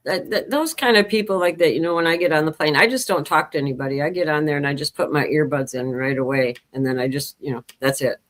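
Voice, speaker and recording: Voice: medium pitch, quick pace, hardly any pauses, fairly bright tone. A person chatting in an easygoing, matter-of-fact way. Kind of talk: casual chat.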